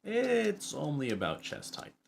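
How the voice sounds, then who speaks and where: A man narrating a tabletop game as dungeon master, halting and repeating words as he describes scenes. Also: on the high side, huge pitch swings, vocal fry, a little hiss or hum.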